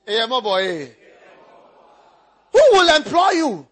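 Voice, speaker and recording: Husky high-voiced male pastor preaching. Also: sing-song, very slow, pauses often. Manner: teasing, repetitive, bursts into shouts and laughter. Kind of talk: preaching sermon.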